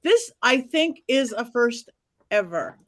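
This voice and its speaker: A woman co-hosting a casual film discussion, briskly moderating and addressing the chat. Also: a little high, sing-song, a little hiss or hum. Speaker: podcast co-host.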